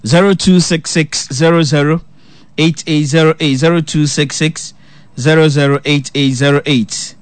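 A man hosting a call-in radio show, taking callers and reading out phone numbers slowly. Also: on the high side, fairly even intonation, no room sound.

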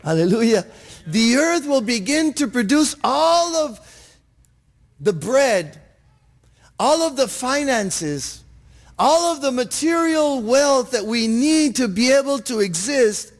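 High-voiced slow-preaching man. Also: sing-song. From Texas, USA. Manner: earnest preaching with frequent restarts and calls of "Amen?". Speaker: pastor. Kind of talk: sermon.

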